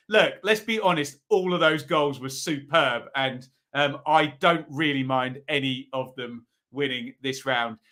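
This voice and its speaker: A man's voice: fairly high pitch, sharp tone. A man hosting a casual live football review, chatting with viewers and reading out their votes with frequent ums. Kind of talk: casual live-stream commentary.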